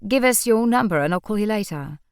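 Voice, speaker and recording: A woman voicing a playful young male actor who puts on a mock Welsh accent and talks loud and jokey, in an audiobook. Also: medium pitch, expressive, a little fast, smooth, no room sound, studio quality, natural voice. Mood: eager.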